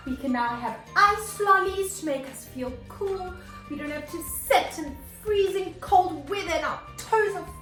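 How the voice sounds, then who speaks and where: Animated high-voiced woman teacher. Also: reverberant. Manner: animated, gasps and exclaims for young children. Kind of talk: children's morning lesson.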